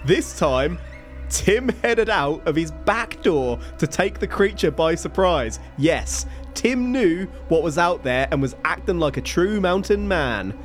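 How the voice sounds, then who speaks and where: A man hosting a podcast, slowly telling a story between jokes and frequent laughter. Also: a little high, lively intonation, soft background music. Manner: slow, laughing, jokey storyteller. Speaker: podcast host.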